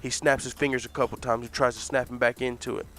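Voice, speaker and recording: A man improvising a comic fight story, animated, excitable and full of swearing. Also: medium pitch, fast talker.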